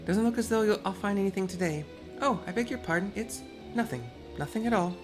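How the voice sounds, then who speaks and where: A man voicing a forgetful young woman who is lost and pleading, read softly with small stumbles. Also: high-pitched, brisk, music in the background, pitched above the performer's own voice, natural voice. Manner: soft, hesitant reading with small stumbles.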